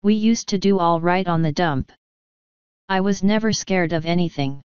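A woman voicing a gruff, blustering old male rat leader who growls his words slowly. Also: lowish voice, darkish tone, no room sound, dull audio, natural voice. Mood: grumpy. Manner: growling, slow and grumpy.

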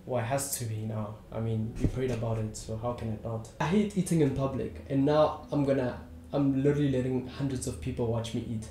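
A man's voice: medium pitch, a little fast, a little hiss or hum. Chatty young man vlogging. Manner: chatty, self-deprecating, joking. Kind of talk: casual vlog chat. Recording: roomy room with background music. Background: soft guitar music.

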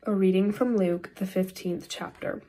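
A woman's voice: mid-range voice, steady tone, moderate pace, warm tone. A woman reading a scripture passage aloud during a worship service, with the occasional stumble and restart, and a Midwestern American accent. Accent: Upper Midwest American. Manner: careful reading with frequent slips and restarts. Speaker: scripture reader.

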